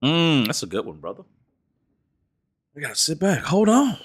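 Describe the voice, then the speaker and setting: A man's voice: a little high, moderate pace, slightly rough. A young man co-hosting a podcast, playful and laughing in casual banter. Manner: playful, animated, laughs a lot. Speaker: podcast co-host.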